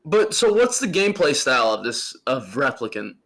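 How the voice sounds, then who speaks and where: A man's voice: medium pitch, very animated, normal speed, a bit bright. A man co-hosting a casual podcast, talking in a blunt, joking way and swearing freely. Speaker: podcast co-host. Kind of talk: casual chat about video games.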